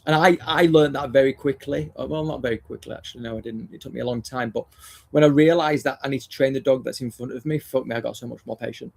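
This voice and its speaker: Man, gravelly, husky, dog trainer, casual live chat, blunt, swears a lot. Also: medium pitch, steady tone, fast. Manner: blunt and sweary, restarts and repeats phrases.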